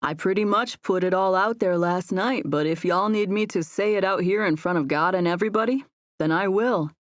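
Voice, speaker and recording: A woman's voice: on the low side, normal speed, dry recording, close to an everyday voice. A woman voicing a laid-back young man who teases in a dry, matter-of-fact way. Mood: joking.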